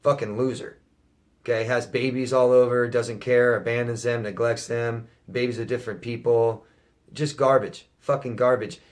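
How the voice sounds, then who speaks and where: A man of ordinary pitch works through viewer questions as a life coach. He reads each question aloud, then answers it bluntly and profanely, hammering his points with repetition. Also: steady tone, moderate pace. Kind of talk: viewer Q&A monologue.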